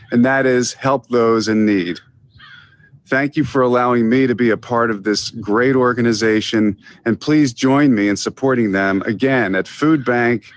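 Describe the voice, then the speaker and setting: A man's voice: medium pitch, no echo. Man, executive, scripted sponsor message, earnest, formal.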